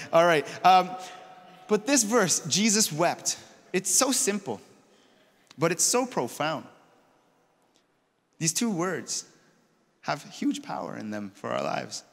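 A man's voice: a little high, big pitch swings, measured pace, long pauses, a bit bright. Casual preaching man in a reverberant hall. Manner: conversational storytelling, retells scripture in casual paraphrase. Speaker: pastor. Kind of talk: sermon. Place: church auditorium.

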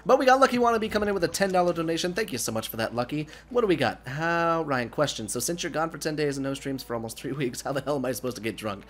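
A young man hosting a gaming livestream: casual, profane chat that bursts into excited shouts at the game, with pauses to read out donations. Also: fairly high pitch. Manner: reads out donations. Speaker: livestream host and gamer.

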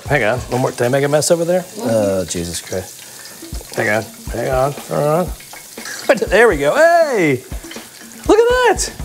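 An excitable man hosts a cooking demonstration in a kitchen, his voice swinging up and down in pitch as he chats and laughs. He swears freely as he goes. Oil sizzles in the pan and soft music plays behind him. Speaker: cooking show host. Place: kitchen studio.

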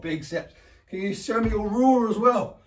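Upbeat English PE teacher, echoey room. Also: male voice, normal speed, background noise. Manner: encouraging, counts down and praises often; makes animal noises, roars and squeaks. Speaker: primary school PE teacher. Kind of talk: home PE lesson for young children. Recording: echoey room, mic far away.

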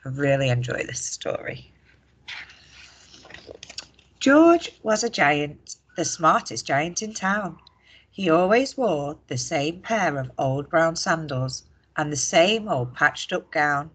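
A woman teacher reading a picture book aloud to children, expressive and asking them questions. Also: low-pitched, takes it slowly, slightly rough. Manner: expressive, asks the listeners questions. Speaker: primary school teacher. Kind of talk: storybook read-aloud for children.

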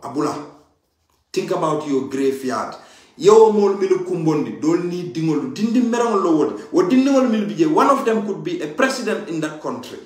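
A man giving an impassioned political monologue, emphatic and pleading, repeating his key points. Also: a little high. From Gambia. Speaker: party supporter giving political commentary. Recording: very echoey room.

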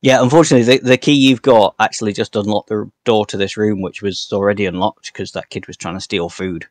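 A man's voice: fairly low pitch, fairly even intonation, fast, no echo. A man narrating a tabletop game as game master, describing scenes with a few hesitations.

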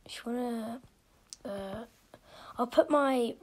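A woman talks through a platform game in a casual, unhurried way, her fairly high voice husky at the edges. She grumbles at her own mistakes and often sinks to a near whisper. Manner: frustrated, often dropping to a whisper. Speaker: gaming video creator. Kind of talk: casual gameplay commentary.

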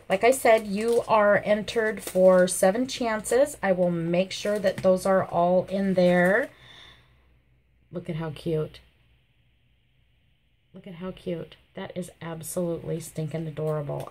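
A woman hosting a casual vlog, gushing with repeated thanks and praise, her voice hoarse and catching from a coming cold. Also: fairly low pitch, darkish tone. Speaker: channel host showing a viewer's craft entry.

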